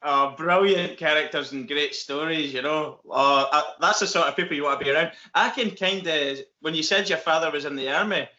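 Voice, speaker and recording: A Northern Irish man hosting a casual interview, eager and chatty, quick to laugh. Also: a little high, pushed and bright, echoey room, muffled recording. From Northern Ireland. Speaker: interview host.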